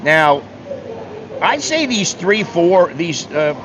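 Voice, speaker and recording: A man's voice: sits high, very animated, slow. A man from the United States telling travel stories in a casual monologue, blunt and swearing, acting out the people he talks to. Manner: blunt, swearing, acts out dialogue. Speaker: travel vlogger. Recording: dull lo-fi sound with faint hum.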